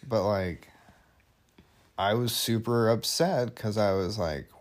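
A young man with a lowish voice speaks slowly as a podcast guest, chatting casually about married life. His talk is rambling and jokey, full of fillers.

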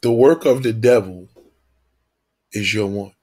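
A man's voice: on the low side, a little slow, a little mellow, husky. A man telling a preachy story in a profane, emphatic way, repeating his points.

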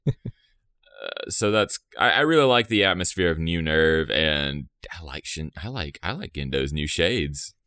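A man's voice: rumbling low, animated, unhurried, sharp tone, clear, resonant tone, no room sound, clean studio sound. A man in casual podcast chat, rambling and laughing often, trailing off mid-thought.

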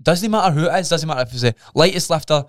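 A man's voice: a little high, rapid-fire, dry recording, clean studio sound. Swearing man telling a story. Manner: animated storytelling, swears often, acts out his own reactions. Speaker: podcast co-host. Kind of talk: casual chat.

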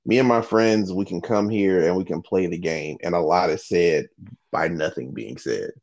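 A man's voice: low-pitched, moderate pace, darkish tone, lo-fi sound. A man hosting a podcast in casual chat, blunt and profane, laughing often. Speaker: podcast host.

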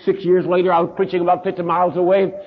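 A pastor with a Southern US accent, telling a story in a sermon and acting out the voices of the people in it, heard on a dull lo-fi recording. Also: male voice, sits high, monotone, very fast, slightly rough. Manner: folksy preacher, acts out quoted voices.

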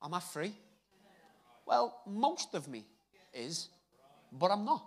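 A man preaching a sermon, animated and jokey, repeating words for emphasis. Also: high-pitched, takes it slowly, husky.

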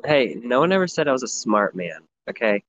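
A man's voice: mid-range voice, sing-song, fairly quick, fairly bright tone. Self-mocking young man telling stories. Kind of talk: casual crude chat. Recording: dull lo-fi sound, faint noise.

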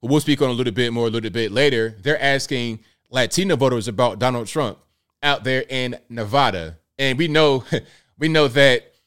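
A man's voice: medium pitch, a bit bright, clear, resonant tone. An American man with a Southern accent, hosting a solo political commentary show, emphatic and repetitive, firing rhetorical questions at his viewers. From United States.

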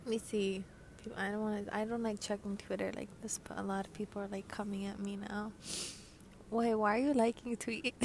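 A woman's voice: mid-range voice, level tone, normal speed. Congested young woman host, loose slangy podcast ramble, faint hiss behind. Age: teens. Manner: rambling, slangy, swearing, giggly. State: congested from a cold. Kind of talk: casual late-night monologue. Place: by a window at night.

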